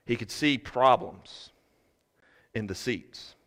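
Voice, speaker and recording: A man preaching a sermon as pastor, swinging from shouted fervor to quiet earnest talk. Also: medium pitch, slow pace. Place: church sanctuary. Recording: preached in a reverberant hall.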